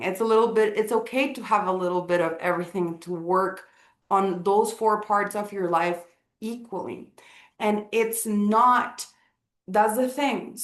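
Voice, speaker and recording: A woman from Guatemala, giving a casual live talk on Maya wisdom in a chatty way, full of apologetic asides and fillers. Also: medium pitch. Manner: chatty, apologetic asides, frequent "like" and "you know". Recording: roomy echo.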